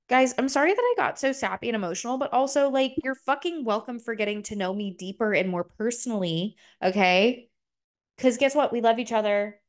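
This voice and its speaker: A young adult woman hosting a solo podcast, talking openly and emotionally and swearing freely, her voice jumping up high when she gets excited. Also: fairly quick. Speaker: podcast host. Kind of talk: solo confessional podcast talk.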